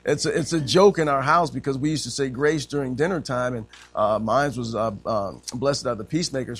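A man preaching a sermon in a conversational way. He often says amen and voices quotes by pitching up. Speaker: pastor.

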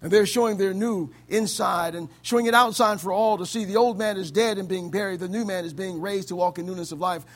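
A man from the States preaching a sermon as pastor, swinging between loud exclamations and low, quiet stretches. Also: steady tone, fairly quick, hardly any pauses. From United States.

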